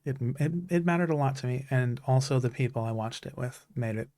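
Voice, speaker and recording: This thirty-something male streamer has a mid-range voice with a dark tone and a brisk delivery, recorded with no room sound. He's chatting casually, earnest and heartfelt about stories he cares about, and keeps starting his sentences over.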